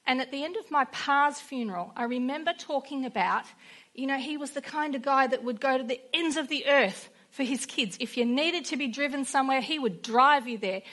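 A woman's voice: high-pitched, brisk, fairly bright tone. A woman preaching a sermon in an earnest way, weaving in personal stories.

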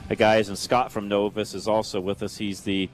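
A man's voice: lowish voice, level tone, moderate pace, faint music behind. A man hosting a live radio show on location, chatty and upbeat, repeating callers' details back. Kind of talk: live remote radio broadcast.

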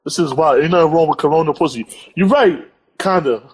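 A young man co-hosting a podcast over a phone live stream, teasing and animated. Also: on the high side, slightly rough, low-quality recording. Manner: animated, teasing, quick to laugh. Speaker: podcast co-host. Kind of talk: casual chat. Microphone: phone on an Instagram live stream.

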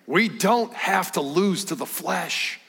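A middle-aged man giving a sermon as a guest preacher, telling a story with lively delivery and dropping to hushed tones. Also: sits high, takes it slowly, breathy edge. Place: church sanctuary. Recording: church hall with long reverb.

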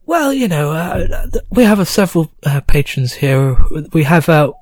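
A gossipy goblin landlady leans over her bar to chat with newcomers, as a male game master voices her. Her voice is pitched well above his own and sounds friendly and lively. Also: normal speed, no echo. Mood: chatty. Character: chatty female goblin innkeeper.

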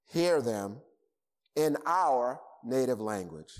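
A man's voice: mid-range voice, big pitch swings, unhurried, darkish tone. A man with a Boston accent preaching a sermon, stressing points by repeating words. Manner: emphatic, repeats words for emphasis. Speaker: pastor. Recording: long hall reverb.

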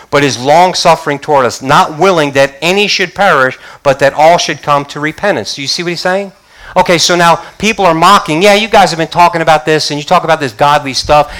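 A man's voice: a little high, fairly bright tone, rough recording. A male pastor preaching a church sermon, reading scripture aloud and questioning his congregation.

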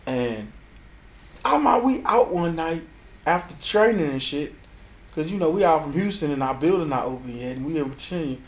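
Man, fairly high voice, profane, animated storyteller, casual podcast chat. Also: normal speed. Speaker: podcast co-host.

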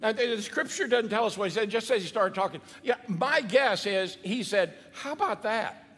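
A male pastor preaching a sermon in an animated, conversational way, with asides to the congregation. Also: sits high, fairly quick, slightly rough. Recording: long hall reverb.

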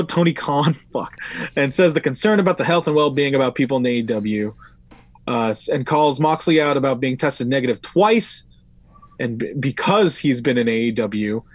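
A man's voice: medium pitch, moderate pace, no echo. A man hosting a casual podcast chat, rambling loosely through his notes and swearing now and then. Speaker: podcast host. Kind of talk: casual wrestling recap chat.

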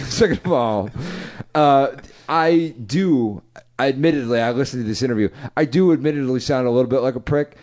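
A man's voice: medium pitch, darkish tone. A man co-hosting a podcast, ranting in casual, heavily profane banter. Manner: ranting, swears a lot. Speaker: podcast co-host.

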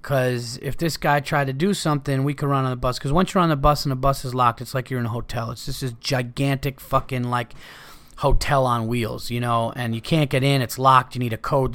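A man's voice: medium pitch, sharp tone. A man hosting a podcast and telling a casual, rambling anecdote with plenty of swearing. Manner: rambling, profane, laid-back anecdotes. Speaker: podcast host. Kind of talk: casual storytelling.

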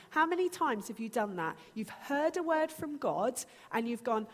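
A woman in her thirties preaching a sermon, earnest and animated, acting out her own pleas to God. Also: on the high side, moderate pace. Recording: long hall reverb.

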